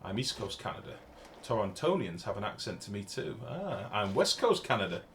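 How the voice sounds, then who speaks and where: A man's voice: fairly low pitch, big pitch swings, fairly quick, fairly bright tone, a little hiss or hum. An English man chatting casually while live-streaming a game, swearing freely and reading out chat messages. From England.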